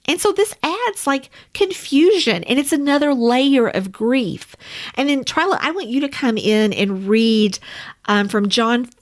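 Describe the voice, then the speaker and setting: A woman's voice: a little high, animated, unhurried. A woman teaching a Bible study in a conversational way, speaking to her listeners as friends. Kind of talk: casual teaching.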